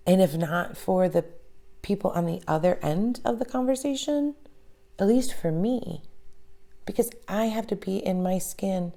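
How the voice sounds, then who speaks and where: A woman in her forties speaking candidly in a reflective personal monologue, often pausing to search for words. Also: sits low, creaky, mellow. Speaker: vlogger.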